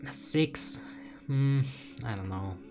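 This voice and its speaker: A young man from the Netherlands doing casual live gameplay commentary, reading chat aloud with excited bursts. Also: medium pitch, very slow, music in the background. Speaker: game streamer.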